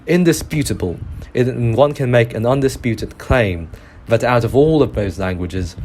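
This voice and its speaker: A man with a British accent talks alone on his history podcast, earnest and explanatory. His voice sits fairly low, and he often stops, hesitates and restarts. Faint background noise sits under the recording. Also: a little mellow. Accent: British English. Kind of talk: solo podcast monologue.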